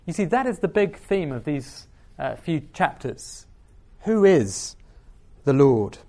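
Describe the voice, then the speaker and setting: A man's voice: fairly high pitch, big pitch swings, slow pace, mellow. A man preaching a sermon, reading scripture aloud and asking the listeners questions.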